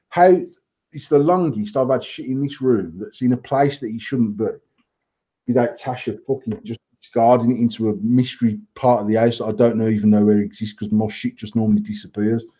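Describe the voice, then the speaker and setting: A man's voice: medium pitch, steady tone, normal speed, mellow, highs cut off. A man in his thirties from England, co-hosting a casual podcast at home and ranting in a mocking, foul-mouthed way. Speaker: podcast co-host. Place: living room at home.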